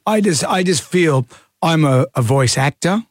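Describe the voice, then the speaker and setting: Raspy, animated radio host. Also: male voice, a little high, a little slow, dry recording, studio quality. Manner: teasing, mock-wounded, jokey. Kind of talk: playful radio banter.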